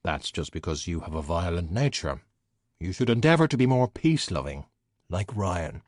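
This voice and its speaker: A man voicing an unflappable skeleton detective who speaks with deadpan, dry wit. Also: low-pitched, normal speed, dry recording, pitched below the performer's own voice.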